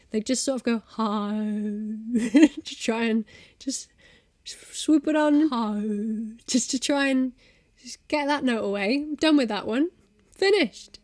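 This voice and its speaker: A young woman with a British accent talks straight to camera in a chatty, self-mocking way. Her voice sits fairly high. The sound is dry and close, with no room echo. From Britain. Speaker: YouTube host. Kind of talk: casual explainer to camera.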